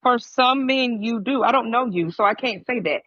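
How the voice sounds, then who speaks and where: A woman co-hosting a podcast explains her view at a measured, careful pace and gives weight to each point. Her tone is bright and ringing. The recording sounds muffled and dry. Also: on the high side, dry recording. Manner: measured, deliberate, emphatic. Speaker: podcast co-host. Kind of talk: casual podcast discussion.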